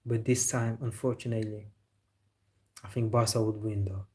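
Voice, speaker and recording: Male football streamer, low voice, flat delivery, casual opinionated chat with viewers. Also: moderate pace, breathy edge. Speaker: football live stream host.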